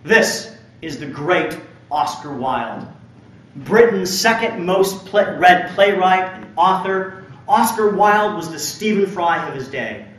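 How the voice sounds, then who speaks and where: High-voiced man lecturing in echoey hall. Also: lively intonation, slow, fairly bright tone, distant mic, a little hiss or hum. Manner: storytelling, emphatic, with pointed humor. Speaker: university lecturer. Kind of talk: public lecture.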